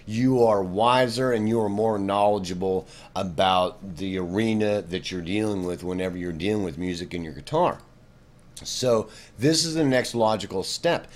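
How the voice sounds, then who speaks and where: A man's voice: lowish voice, a little mellow. A middle-aged man giving a casual guitar lesson, rambling and conversational, peppering his talk with "you know" and "bro". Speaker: guitar teacher.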